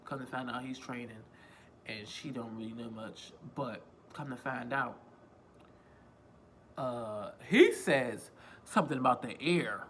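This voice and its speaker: A man's voice: medium pitch, a little slow, long pauses, a bit bright, slight background noise. A man vlogging a casual storytime on a phone, rambling, repeating himself and swearing freely. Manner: rambling, profane, self-repeating.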